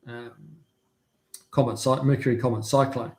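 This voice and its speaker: Guy hosting a live car chat, middle pitch, easy laughing, kinda echoey room. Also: little pitch movement, normal speed, darkish tone. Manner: chatty, answers viewer comments, laughs easily. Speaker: live stream host. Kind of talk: casual live-stream chat about classic cars. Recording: roomy echo.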